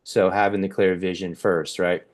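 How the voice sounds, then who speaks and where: A man's voice: sits low, flat delivery, moderate pace. A man hosting a podcast discussion, talking in a rambling way with many restarts and fillers. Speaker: podcast host. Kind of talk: casual group discussion.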